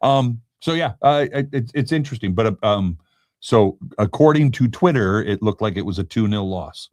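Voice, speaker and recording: A man's voice: fairly low pitch, lively intonation, moderate pace, a little mellow, no room sound, studio quality. A man co-hosting a live soccer fan show, talking casually and rambling with chuckles. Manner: rambling, chuckles, restarts a lot. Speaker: podcast co-host. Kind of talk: casual chat about local soccer.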